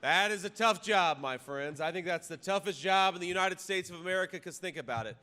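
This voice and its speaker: A man giving a campaign rally speech into a podium microphone, talking conversationally with restarts and repeated words and rising to loud punchy lines. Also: high voice, a little fast. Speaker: political candidate addressing a rally. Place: large reverberant rally venue. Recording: long reverb of a rally hall, faint ambient noise.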